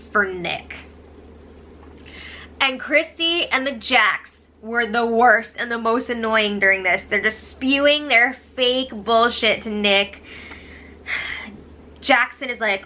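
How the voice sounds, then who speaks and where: A woman's voice: a little high, pushed and bright, slight background noise. A young woman hosting a casual recap, chatty, with sarcastic, eye-rolling asides. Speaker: host recapping a reality show.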